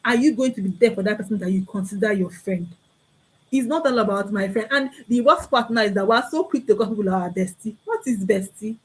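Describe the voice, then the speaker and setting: A woman's voice: medium pitch, fairly quick, husky, poor audio. A young woman with a Nigerian accent giving an earnest, preachy talk to camera, repeating key phrases and acting out small bits of dialogue. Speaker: vlogger.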